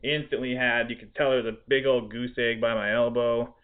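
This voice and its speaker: A man's voice: mid-range voice, flat delivery, fairly quick, smooth. A man, a podcast host and restaurant cook, telling a story in casual chat, laughing and swearing in exasperation. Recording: tinny phone-like audio.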